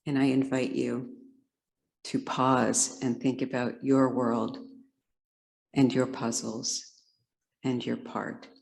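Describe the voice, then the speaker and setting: A woman speaks from the pulpit as guest speaker, telling a story as a sermon. She brings expression to the telling and voices the characters in the quotes. Her voice has a gravelly, creaky texture. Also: a bass voice, level tone, slow pace, pauses often, darkish tone, rough recording. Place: congregation sanctuary.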